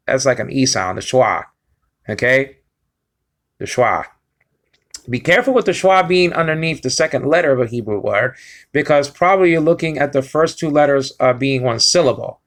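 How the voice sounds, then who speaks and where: A man's voice: mid-range voice, a bit bright. A man giving an informal Hebrew lesson, explaining step by step and often asking if listeners understand. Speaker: Bible teacher.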